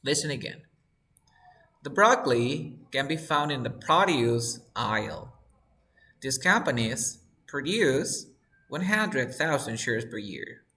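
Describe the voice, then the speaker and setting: A male teacher leads an online English class, patient and steady, repeating each word aloud so his students can hear where the stress falls. His voice sits at an ordinary middle pitch. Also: measured pace. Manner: patient, drills students, repeats words for pronunciation.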